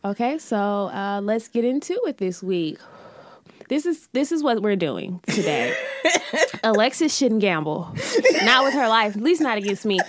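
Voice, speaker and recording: A woman's voice: mid-range voice, sing-song, unhurried. A woman co-hosting a podcast in casual chat, telling stories animatedly and swearing freely. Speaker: podcast co-host.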